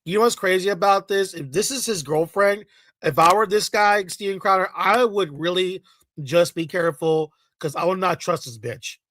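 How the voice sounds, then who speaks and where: A man's voice: high voice, moderate pace, fairly bright tone, no echo, low-quality recording. A man ranting in a heated, profane reaction commentary, full of mocking and sarcastic asides.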